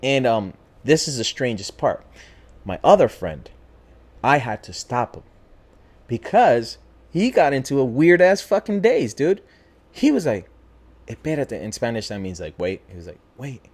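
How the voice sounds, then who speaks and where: A man at middle pitch tells a spooky tale in a casual talk show. His voice rises and falls a lot as he acts things out. He talks loosely, with plenty of swearing. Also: moderate pace. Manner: animated, profane, acts out voices in his story. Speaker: podcast host. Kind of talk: casual storytelling.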